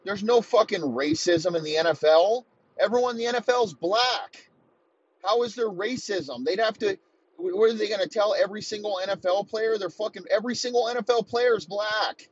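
A man in his thirties delivering a heated, profane comedic rant, talking in rapid-fire bursts. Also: high voice, breathy edge, dull audio. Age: 30s.

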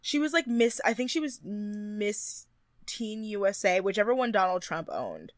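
A young woman co-hosting a podcast, chatting casually and quick to laugh while recapping a reality show. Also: medium pitch, big pitch swings, dry recording, studio quality. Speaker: podcast co-host.

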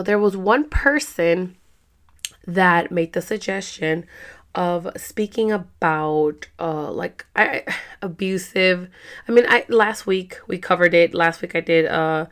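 A hoarse young woman hosting a podcast in casual, rambling chat, full of fillers and throat-clearing. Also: on the low side, steady tone, measured pace. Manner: rambling, chatty, many fillers. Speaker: podcast host.

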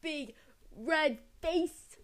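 A woman's voice: high-pitched, very slow. A woman co-hosting a casual reaction podcast from a bedroom desk, playful and teasing, laughing a lot. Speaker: podcast co-host. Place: desk under a loft bed in a bedroom.

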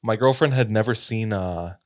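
A young man in casual chat, dropping quick asides and references. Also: on the low side, slight background noise.

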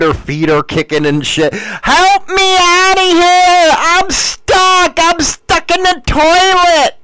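A man's voice: a little high, fairly bright tone, no echo. A man telling rambling, profane stories in casual chat, often laughing at his own jokes. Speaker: storyteller answering a question. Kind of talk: casual crude storytelling.

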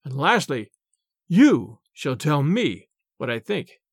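A man's voice: a little high, big pitch swings, takes it slowly, dry recording, studio quality, pitched below the performer's own voice, heavily acted. A man voicing a haughty medieval king. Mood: commanding. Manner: imperious, loud. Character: proud angry medieval king, commanding.

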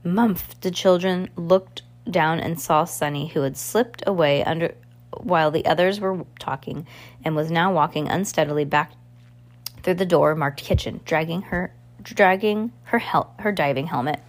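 A woman reading a novel aloud in a halting way, often restarting words. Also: deep voice. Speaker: reader.

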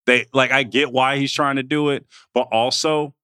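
A man's voice: mid-range voice, steady tone, normal speed, sharp tone, smooth, no room sound, studio quality. A man co-hosting a sports podcast, chatting casually and playfully and hyping up a segment. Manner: playful, joking, hypes up a segment. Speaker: podcast co-host. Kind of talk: casual chat.

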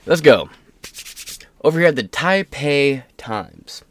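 A man's voice: fairly high pitch, expressive, slow, dry recording. A man hosting his own solo commentary show, reading news aloud in a casual, rambling, sarcastic way, tripping over words and swearing offhand. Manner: stumbles while reading aloud. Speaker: political commentary host.

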